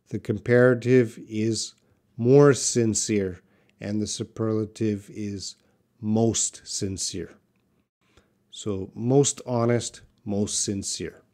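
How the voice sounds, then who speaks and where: A man teaching a live online English lesson, slowly repeating words for pronunciation practice and answering viewers' questions by name. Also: fairly low pitch, darkish tone. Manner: slow, careful, repeats words for pronunciation drills.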